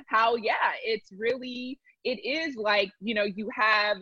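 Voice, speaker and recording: A woman speaking as a guest in a candid conversation, earnest and reflective, often pausing and restarting. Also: a little high, sharp tone, slightly rough, dry recording. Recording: dry, dull lo-fi sound.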